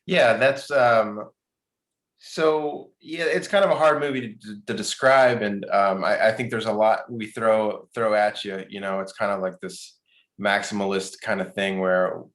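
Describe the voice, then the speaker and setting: A male film director answering questions at a post-screening talk, halting, with many restarts and fillers. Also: fairly low pitch, steady tone, a bit bright.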